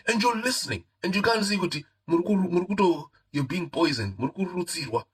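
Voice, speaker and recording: A man's voice: sits high, lively intonation, fast talker, few pauses, breathy edge, poor audio. A man with a Zimbabwean accent giving heated live-stream political commentary, repeating his points and mixing in Shona phrases.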